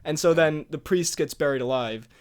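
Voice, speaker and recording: A man's voice: on the high side, moderate pace, clear, resonant tone. A man co-hosting a podcast, rambling and laughing as he tells stories in casual chat. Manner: rambling, animated storytelling with laughs. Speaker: podcast co-host.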